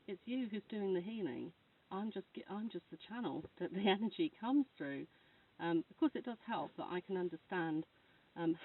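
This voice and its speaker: A woman who works as a Reiki practitioner, chatting casually to camera while snuggled under a duvet, rambling and laughing as she talks. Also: medium pitch. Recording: tinny phone-like sound from far off.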